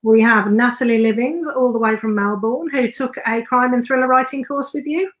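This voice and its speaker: A woman's voice: on the high side, normal speed, a bit bright. Woman host of a live chat on a video call, reads out viewer names and questions.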